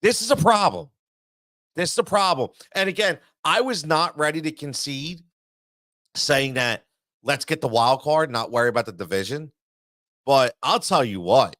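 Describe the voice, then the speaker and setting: A man's voice: fairly high pitch, animated, normal speed, a bit bright, no room sound, studio quality. A man hosting a sports talk show, ranting in an exasperated monologue full of repetition and stammering restarts.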